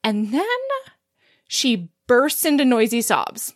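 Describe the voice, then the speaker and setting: Animated woman recapping a story. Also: fairly high pitch, takes it slowly, background noise. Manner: animated storytelling, acting out characters' lines. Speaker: podcast co-host. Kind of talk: casual chat recapping a novel.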